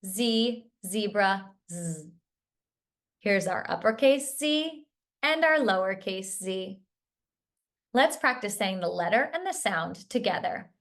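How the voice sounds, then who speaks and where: Woman, reading teacher, slow unhurried delivery, mid-pitched voice, encouraging, models each sound clearly for young kids. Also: animated, a bit bright. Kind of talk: phonics lesson for young children.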